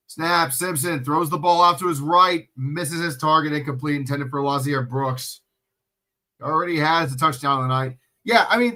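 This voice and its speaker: His voice on the high side and sharp, a livestream commentator calls a football game live, cursing and ranting bluntly and lecturing the players between plays.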